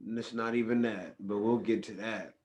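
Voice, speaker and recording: A man from California, hosting a podcast in a casual, profane, animated storytelling style. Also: on the low side, normal speed, dull audio. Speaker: podcast host. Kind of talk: casual chat.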